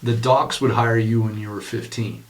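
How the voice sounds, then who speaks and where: A man's voice: fairly low pitch, fairly even intonation, moderate pace, low-quality recording. Chatty man hosting a casual talk. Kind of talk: casual chat.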